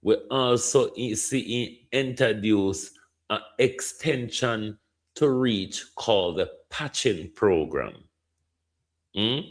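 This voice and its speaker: A man's voice: on the low side, takes it slowly. A Jamaican man giving indignant political commentary, slipping between patois and standard English. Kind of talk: opinion commentary.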